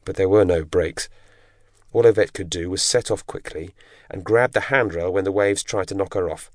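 A man narrating an audiobook in a measured, dramatic storytelling manner. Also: low-pitched, no echo. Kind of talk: scripted narration. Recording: dry close studio recording.

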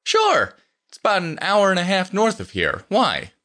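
Male narrator voicing an upbeat young porter, high and bright, polite. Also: wildly swooping pitch, normal speed, full character voice. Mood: cheerful. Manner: polite and cheerful.

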